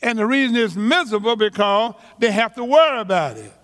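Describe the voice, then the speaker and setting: A man preaching a sermon slowly and emphatically, stretching key words and repeating phrases, with casual everyday grammar. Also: high voice, lively intonation, fairly bright tone, in a large hall. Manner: slow, emphatic preaching with drawn-out words and repetitions; colloquial vernacular grammar. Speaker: pastor.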